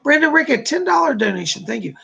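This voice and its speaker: A man's voice: extremely high pitch, big pitch swings, fast, creaky, sharp tone. A man hosting a livestream, giving psychic readings to viewers, reassuring and chatty with many fillers. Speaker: psychic medium host.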